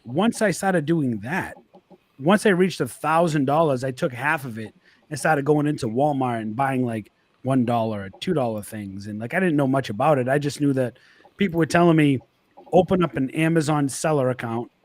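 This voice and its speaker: A man's voice: medium pitch, brisk. A man speaking as a guest on a livestream, telling a story casually and quoting his own past thoughts. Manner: storytelling with quoted asides.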